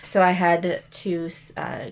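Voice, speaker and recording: A woman's voice: on the low side, level tone, slow pace. A woman chatting casually as she shows mail and thrift finds, rambling with frequent ums and restarts. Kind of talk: casual show-and-tell chat.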